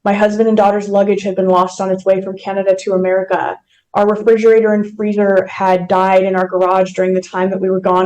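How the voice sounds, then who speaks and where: A woman telling a personal story in an interview. She talks earnestly, with emotion and vivid detail. Her voice sits in a middle pitch. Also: fairly quick, darkish tone, low-quality recording. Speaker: mortgage company president, podcast guest.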